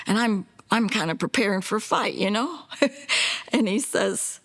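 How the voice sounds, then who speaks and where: An older woman telling her daughter's story in a documentary interview, plainspoken and earnest, slipping into hushed whispers when quoting others. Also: on the high side, expressive, moderate pace. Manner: plainspoken, with self-corrections and small laughs.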